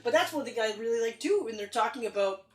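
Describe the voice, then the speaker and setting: A woman's voice: on the high side, fast talker. Woman co-host geeking out about a movie, swears a lot, kinda far from the mic, echoey room. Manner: excitable, profane, acts out scenes. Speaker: podcast co-host. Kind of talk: casual film review chat. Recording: roomy, distant mic.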